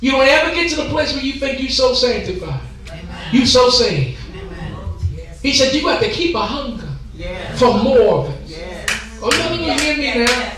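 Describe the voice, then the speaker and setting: High bright preacher guy hollering with "huh" gasps, echoey church mic from far off. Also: lively intonation, moderate pace, pauses often, a crowd in the background. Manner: call-and-response preaching with rhythmic "huh" gasps; shouting and drawing out key words. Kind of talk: Pentecostal sermon. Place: church sanctuary.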